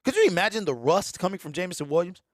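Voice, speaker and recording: A man hosting a live sports talk stream, excitable and repeating himself as he riffs. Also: sits high, fast talker, dry recording, studio quality. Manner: excitable, repeats himself, mocks fans in a mimicking voice. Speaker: sports show host.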